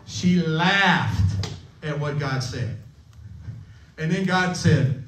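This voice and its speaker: A man's voice: fairly high pitch, drawn-out words, pauses often, fairly bright tone. Playful man preaching in an echoey hall. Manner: playful, jokey, asks the room questions. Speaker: camp chapel speaker. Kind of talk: casual sermon to middle schoolers. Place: camp chapel hall. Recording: echoey room, mic at a distance.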